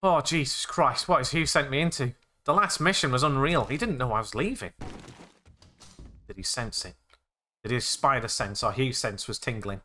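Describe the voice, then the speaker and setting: A young man playing a zombie game, excitable and jokey, narrating his actions with "I said". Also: mid-range voice, normal speed. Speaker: gaming YouTuber.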